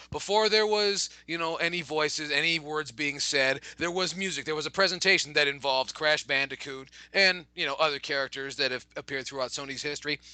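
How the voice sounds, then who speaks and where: A man's voice set high and swinging widely in pitch as he hosts a casual podcast. His tone is very bright and cutting. He rambles through fillers and curses, and the sound is dry and close. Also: no echo. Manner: rambling, swearing, filler-heavy. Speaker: podcast host.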